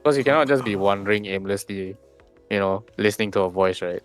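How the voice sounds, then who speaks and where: A man's voice: on the low side, a little fast, faint music behind. A man acting as game master in a casual tabletop session, musing aloud and humming filler syllables as he thinks.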